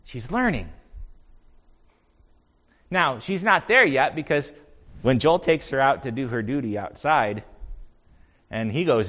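A man's voice: medium pitch, expressive, measured pace, long pauses, fairly bright tone. A man pastor delivering an earnest sermon, telling stories and building to emphatic points. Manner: earnest, storytelling preacher with rising emphasis.

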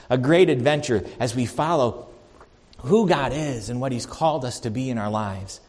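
A man preaching a sermon as pastor, animated and swinging between loud and soft. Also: medium pitch. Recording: long reverb of a large hall.

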